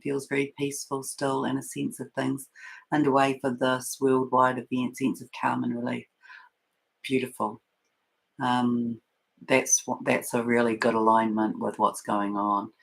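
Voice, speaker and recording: A woman hosting a spiritual livestream, talking in a soft, meandering way with many fillers and restarts and reading out viewer comments. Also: rumbling low, vocal fry, rough recording. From New Zealand. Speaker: spiritual channel host.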